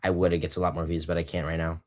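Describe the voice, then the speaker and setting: A teenage boy hosting a casual live-streamed debate, halting and full of fillers. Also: deep voice, level tone. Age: teens. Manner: halting, many fillers and restarts. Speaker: debate host.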